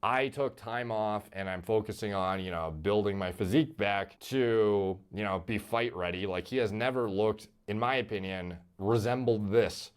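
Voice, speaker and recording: A man's voice: lowish voice, normal speed, hardly any pauses, clear, resonant tone. A man giving casual, profane commentary about a fighter's physique in a video played on stream.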